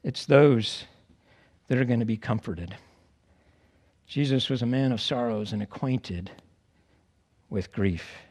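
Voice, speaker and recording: A man preaching a conversational sermon to a congregation, acting out quoted voices with lively expression. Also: mid-range voice, takes it slowly, pauses often. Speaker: pastor.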